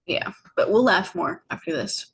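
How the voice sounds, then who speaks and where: A woman's voice: lowish voice, lively intonation, gravelly, breathy edge. Reflective woman telling her story. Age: adult, older than her teen years. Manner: reflective, unhurried, many fillers, acts out quotes. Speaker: podcast guest, healing facilitator. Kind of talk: personal storytelling in casual conversation.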